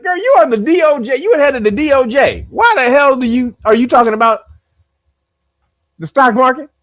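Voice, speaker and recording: A man giving casual, profane reaction commentary on a video clip, incredulous and laughing often. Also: sits high. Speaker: reaction streamer.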